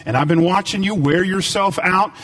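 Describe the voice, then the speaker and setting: A man preaching a sermon, animated and rising to emphatic peaks. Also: sits high, normal speed, distant mic, rough recording.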